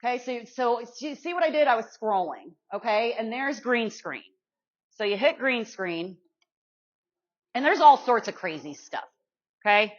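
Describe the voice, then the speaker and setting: A woman's voice: a little high, lively intonation, a little slow. A woman giving a live workshop demonstration to an audience in a meeting room, chatty and self-deprecating, checking in with her listeners over and over. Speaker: guest speaker teaching social media to real estate pros. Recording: muffled lo-fi sound.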